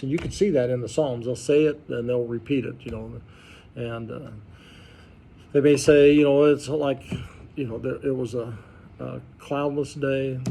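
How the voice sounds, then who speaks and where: A pastor leading an informal Bible study, talking conversationally and quizzing the group with questions. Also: male voice, mid-range voice, creaky, warm tone, a little hiss or hum. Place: church study group room.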